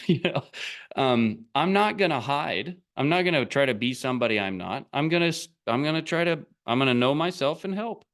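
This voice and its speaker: Man, middle-aged, online business coach, casual motivational talk, blunt, rambling, animated pitch. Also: normal speed. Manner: blunt, rambling, laughs often.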